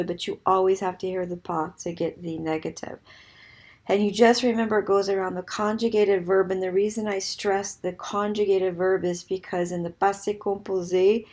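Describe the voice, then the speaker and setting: A woman French teacher giving a recorded grammar lesson, explaining clearly and mixing English with French examples. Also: lowish voice, darkish tone.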